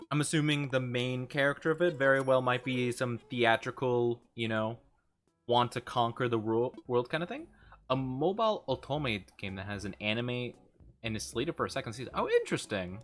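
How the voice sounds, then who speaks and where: Young man, streamer, casual chat, upbeat, very animated pitch, faint background music. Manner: upbeat, chatty, greets viewers, often laughs.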